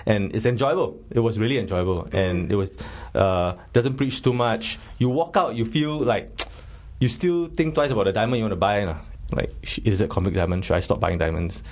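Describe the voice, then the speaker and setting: A man's voice: fairly low pitch, a little fast, darkish tone. A man chatting casually and opinionatedly as a film review host. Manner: chatty and opinionated, with lots of filler. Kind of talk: casual chat.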